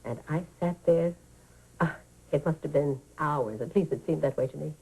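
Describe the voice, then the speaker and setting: A woman's voice: low-pitched, normal speed, gravelly, dark tone, breathy edge, exaggerated voice, rough recording. A woman playing an elderly woman who tells a childhood tale to children in a radio drama, talking fondly and vividly, sighing as she goes. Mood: warm reminiscing. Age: older. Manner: fond, vivid storytelling with sighs. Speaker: storyteller.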